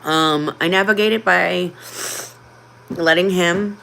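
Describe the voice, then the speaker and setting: A woman hosting a casual livestream, talking openly and from the heart, with frequent ums and pauses. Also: fairly low pitch, gravelly, fairly bright tone, a little hiss or hum. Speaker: livestream host.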